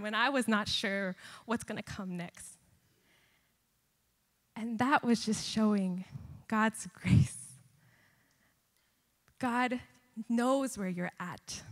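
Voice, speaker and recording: Young woman, fairly high voice, earnest testimony from a chapel pulpit, long hall reverb. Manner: earnest, heartfelt storytelling. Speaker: student missionary speaker. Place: large university chapel.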